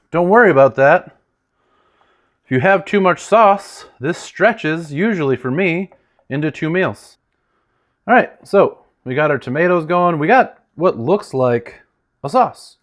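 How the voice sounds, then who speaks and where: A man hosting a casual cooking demonstration in a home kitchen, chatty and joking, his voice sometimes drifting away from the mic. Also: fairly high pitch. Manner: chatty and joking, with lively swings in loudness. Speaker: home cook host.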